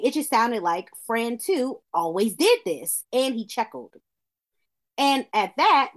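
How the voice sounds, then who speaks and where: A woman's voice: a little high, a bit bright. A woman co-hosting a casual podcast, reading a listener's letter aloud with small stumbles.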